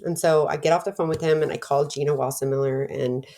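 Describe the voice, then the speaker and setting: Low-voiced woman telling her story. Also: fast. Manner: animated, acts out quoted voices, many fillers and restarts. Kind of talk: personal storytelling, casual and candid.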